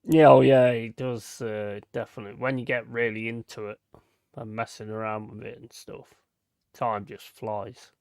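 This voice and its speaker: Gravelly, laughing man chatting football. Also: medium pitch, little pitch movement, moderate pace, a little mellow, no room sound, studio quality. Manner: chatty, laughs often, swears freely. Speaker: livestream co-host. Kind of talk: casual football chat.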